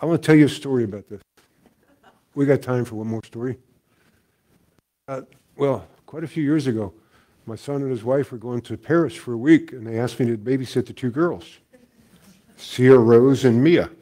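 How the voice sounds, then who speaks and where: An older man giving a talk as a guest teacher, telling stories in a relaxed way with frequent chuckles. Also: mid-range voice, normal speed, pauses often. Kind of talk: storytelling talk.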